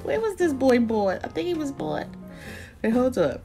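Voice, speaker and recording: A woman, chatting casually about deals in a lively vlog, with lots of exclaiming and laughing. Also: sits high, normal speed, vocal fry, music in the background. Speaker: deals vlogger. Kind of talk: casual live chat.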